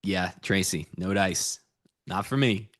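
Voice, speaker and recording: A man's voice: low-pitched, slow, no room sound, studio quality. A man co-hosting a live trading stream, joking and chatting casually. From Pennsylvania. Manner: joking, animated storyteller. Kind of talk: casual chat.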